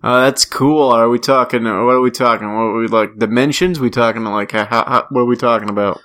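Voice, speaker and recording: A man's voice: medium pitch, fairly even intonation, a little fast, a bit bright. A man co-hosting a casual podcast, joking around, repeating himself and laughing often. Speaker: podcast co-host.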